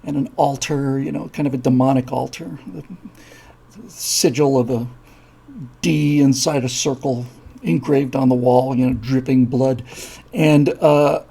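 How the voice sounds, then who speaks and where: Gravelly, husky male show host. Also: mid-range voice, fairly even intonation, measured pace, mellow. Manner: rambling, many fillers, acts out voices in his stories. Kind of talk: casual live-show storytelling.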